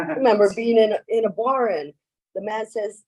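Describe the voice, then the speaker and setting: A husky-voiced woman giving a personal share at a recovery meeting. She rambles through her stories, leaning on "you know" and acting out the lines people said. She speaks at a middling pitch. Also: animated, a little fast, a little mellow, low-quality recording. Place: meeting room.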